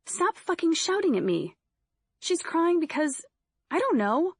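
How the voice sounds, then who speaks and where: A fierce, cynical young woman survivor, put on by a woman narrating an audiobook, hoarse from screaming and pitched high with indignation. She snaps back defensively. The sound is dry and close. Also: fast, no room sound. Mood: exasperated. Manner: shouting, defensive, exasperated.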